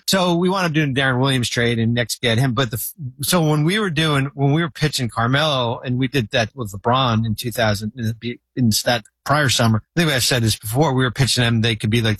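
A man's voice: medium pitch, moderate pace, fairly bright tone, breathy edge, dry recording. A man on a talk show telling long, rambling stories full of restarts and fillers. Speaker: guest. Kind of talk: casual storytelling.

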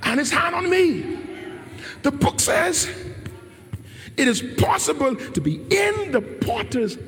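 A man preaching live to a congregation, shouting and calling for responses between laughing asides. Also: extremely high pitch, big pitch swings, slow, big-room sound, faint music behind. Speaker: pastor. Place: church.

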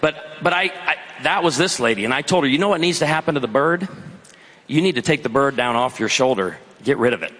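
A man preaching a sermon, telling stories and slowing down for emphatic points. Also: mid-range voice, animated, a bit bright. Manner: storytelling preacher, shifting between quick asides and slow emphatic lines. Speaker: pastor. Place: large hall before an audience. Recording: long hall reverb.

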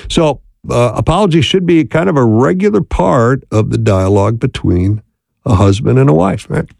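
Male speaker, gravelly voice, dry close sound, conversational teaching, keeps asking "right?". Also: medium pitch, expressive, moderate pace, a little mellow, no room sound. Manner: conversational, often asks "right?". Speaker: speaker on marriage. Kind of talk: instructional talk.

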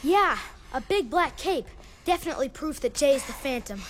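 A woman's voice: sits high, animated, normal speed, a little hiss or hum. A woman voicing a timid, wisecracking young boy in an audio drama. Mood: insistent. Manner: nervous, sarcastic quips.

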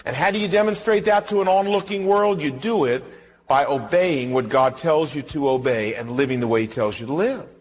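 High-voiced preacher, husky, reverberant hall. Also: male voice, fairly quick. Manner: storytelling, acts out both sides of a conversation. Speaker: pastor. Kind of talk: sermon.

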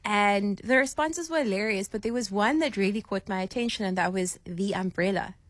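A woman from Cape Town co-hosting a casual radio chat, lively and jokey. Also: mid-range voice, fairly quick, no room sound. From Cape Town, South Africa. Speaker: radio co-host.

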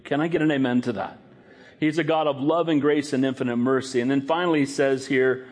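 A middle-aged man preaching a sermon, animated, acting out quoted lines in a raised voice. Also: medium pitch. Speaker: pastor.

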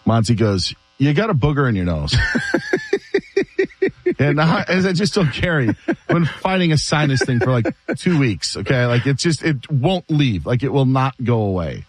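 A man hosting a sports radio show, telling stories in an animated, chatty way and laughing often. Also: mid-range voice, normal speed, no room sound. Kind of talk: casual sports talk.

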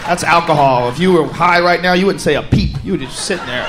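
A man doing a stand-up comedy set, ranting loudly and profanely in a rowdy manner. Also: a little high, brisk, hardly any pauses. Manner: rowdy, profane, shouting rants. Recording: live club with crowd and noise.

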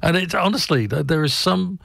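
A man's voice: a little high, creaky, fairly bright tone, no room sound, clean studio sound. Rambling English man on breakfast radio. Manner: rambling, halting, self-deprecating with frequent ums and restarts. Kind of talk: casual on-air monologue. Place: radio studio. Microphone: studio microphone.

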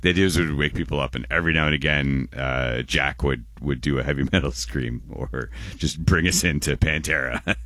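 A man's voice: extremely low pitch, a little fast, fairly bright tone, no echo, clean studio sound. A Canadian man in his forties hosting a radio show in casual chat, rambling and restarting his words, often chuckling.

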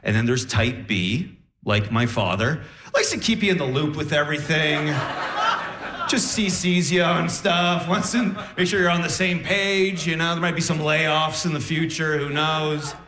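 Young guy doing standup, bouncy animated delivery, bright voice, kinda high. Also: echoey room. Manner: animated, laughing through punchlines. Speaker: stand-up comedian. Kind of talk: stand-up set. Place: comedy stage.

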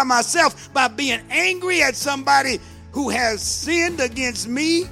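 A man's voice: very high-pitched, animated, unhurried, vocal fry, bright, forceful tone, soft background music. A man preaching a sermon with passion, acting out pleading lines from the scripture. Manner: impassioned, acts out the servant's pleading.

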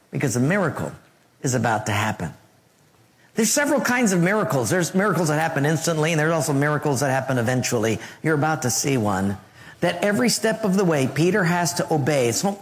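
A man preaching a humorous, story-driven sermon, dropping his voice low for emphasis. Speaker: pastor. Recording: long hall reverb.

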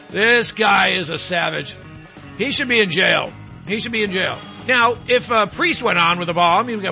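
A man hosting a talk radio show, talking in an animated, mocking and scornful way. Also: high-pitched, normal speed, vocal fry, soft background music. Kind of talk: opinionated talk radio monologue.

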